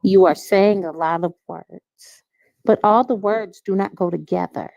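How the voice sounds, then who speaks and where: A woman panelist speaking in a deliberate, sarcastic way during a heated live debate. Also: mid-range voice, creaky, darkish tone, dry recording, dull audio.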